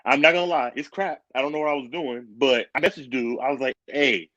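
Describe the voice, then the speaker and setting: A man, co-hosting a live reptile stream in casual, excitable chat and calling people brother. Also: mid-range voice, quick pace, a crowd in the background. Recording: dull, dry lo-fi stream audio.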